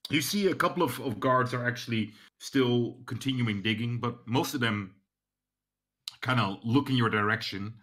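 A man's voice: mid-range voice, moderate pace, a bit bright. A man narrating a tabletop role-playing game as game master, hesitating often with many fillers and restarts.

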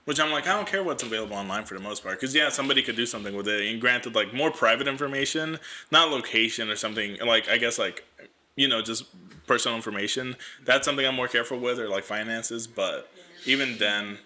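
Bright-voiced young man, rambling chat. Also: medium pitch, fast talker. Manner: rambling, laughs often, lots of fillers. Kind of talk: casual group chat.

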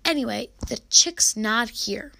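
A clever, slightly impatient little boy from a read-aloud storybook, played by a woman, pitched high with a quick, bouncy delivery. A faint hiss runs underneath. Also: animated, vocal fry, pushed and bright, full character voice. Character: lively young boy, clever and a bit impatient.

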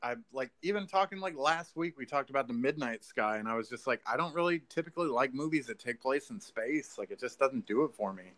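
A man talking loosely and excitedly, piling on filler words and curses as he tells a story. His voice sits at an ordinary middle pitch. He sounds like one half of a laid-back chat between friends. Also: brisk, few pauses. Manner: rambling, profane, filler-heavy, says "like" and "dude". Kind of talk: casual chat.

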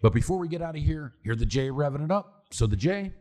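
A man co-hosting a podcast in casual banter, animated and profane, full of "dude" and "like". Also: a little high, fast talker, heavy background noise. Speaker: podcast co-host.

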